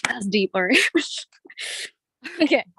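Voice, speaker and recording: A woman's voice: fairly high pitch, big pitch swings, very slow, vocal fry, bright, forceful tone, husky, no echo. Nervous, giggly spoken word poet, a woman. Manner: giggly, nervous and self-deprecating between poems. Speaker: featured poet. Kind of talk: nervous banter then spoken word poetry. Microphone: video call.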